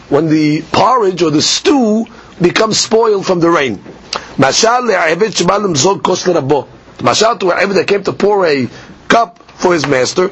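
A man's voice: sits high, slightly rough. A man teaching a Talmud lesson, reading text line by line and explaining it, often stumbling and repeating words. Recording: dull lo-fi recording with faint noise.

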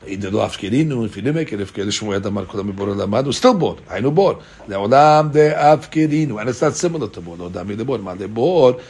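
Husky man teaching a Talmud class. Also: fairly low pitch, expressive, fairly quick, hardly any pauses, a little mellow. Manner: reads out Aramaic text and explains it in casual English; asks rhetorical questions, many filler "uh"s.

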